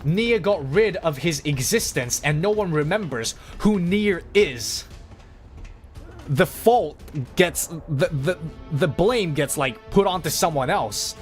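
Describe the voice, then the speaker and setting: A man streaming a game, talking in a rambling, excitable way and swearing freely as he chats. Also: fairly high pitch, takes it slowly, soft background music. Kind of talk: casual gaming livestream chat.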